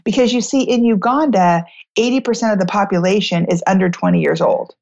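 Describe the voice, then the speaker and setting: An American woman who founded a charity, telling her story to a host in a lively, chatty way, acting out the voices of the people in it and using many "like"s. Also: medium pitch, fairly quick, lo-fi sound. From United States. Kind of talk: animated storytelling in a talk interview.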